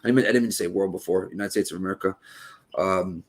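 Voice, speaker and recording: A man's voice: sits low, fast talker. A man in his late thirties with a Boston accent, talking in casual podcast chat, rambling with restarts and frequent swearing. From Boston area.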